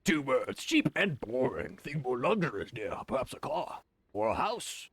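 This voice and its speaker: Man voicing a snobbish rich dad, gravelly, husky, lively pitch, dry close sound. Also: normal speed, no room sound, exaggerated voice. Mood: haughty. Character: snobbish rich man, pampering his son.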